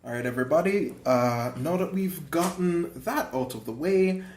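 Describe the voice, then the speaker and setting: A young man with a slightly high voice hosts a podcast and retells a dream for laughs. His delivery is wry and self-mocking, full of theatrical asides. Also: expressive, moderate pace. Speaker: podcast host.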